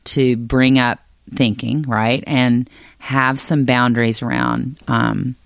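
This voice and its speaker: Very deep-voiced woman explaining calmly. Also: vocal fry, clean tone, dry recording, clean studio sound. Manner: slow, thoughtful explaining with many fillers. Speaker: Enneagram teacher and guest. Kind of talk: casual podcast conversation.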